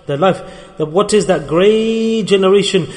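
A man preaching a sermon to a congregation, telling stories earnestly and slowing down to repeat key words. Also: high voice, darkish tone. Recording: long hall reverb.

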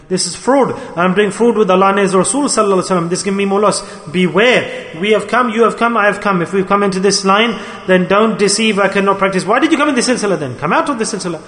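An older man preaching sternly with a high-pitched voice, driving each point home by repeating it. He is recorded in an echoey hall with a long reverb tail. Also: a bit bright. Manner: stern, admonishing, repetitive emphasis. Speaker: Sufi teacher. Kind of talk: sermon.

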